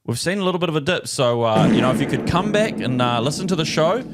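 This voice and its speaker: A man's voice: on the high side, expressive, fast talker, over loud music. A man in his thirties with a New Zealand accent, co-hosting a podcast in casual, jokey banter and rambling as he searches for words. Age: 30s. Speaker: podcast co-host.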